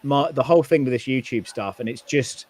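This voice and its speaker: A man's voice: medium pitch, brisk, darkish tone, slightly rough. Chatty British man telling stories. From United Kingdom. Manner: rambling, anecdotal, many fillers. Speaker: guest maker and YouTuber. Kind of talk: casual podcast chat.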